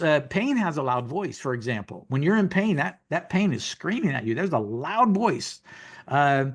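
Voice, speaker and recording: A man in his sixties giving folksy, conversational preaching from his home office over a video call, repeating phrases for emphasis. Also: a little high. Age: 60s. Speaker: guest minister teaching.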